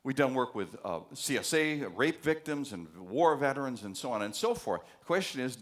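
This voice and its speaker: A man's voice: mid-range voice, very animated, normal speed. An American man giving a university lecture on psychology, telling anecdotes with many fillers and acting out the voices he quotes. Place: large lecture hall.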